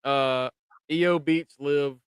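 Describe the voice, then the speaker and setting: A man's voice: fairly high pitch, steady tone, drawn-out words, smooth. A man co-hosting a casual wrestling podcast, running through results in a laid-back way with casual swearing. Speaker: podcast co-host. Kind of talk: casual wrestling recap chat.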